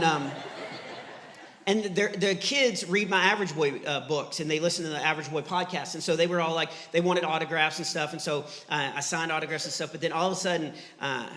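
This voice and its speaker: A middle-aged man from Texas doing clean stand-up, an animated storyteller who acts out the voices in his stories. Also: fairly high pitch. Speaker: stand-up comedian. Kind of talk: clean stand-up comedy with faith message. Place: church hall before a live audience. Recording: live church hall reverb.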